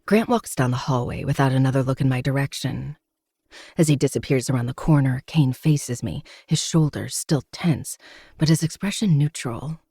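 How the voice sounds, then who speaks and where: A man narrates a romance novel aloud in steady, dramatic first person. His tone is mellow and slightly husky, with a gravelly edge. The sound is dry and close. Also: mid-range voice, moderate pace, no echo. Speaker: podcast host.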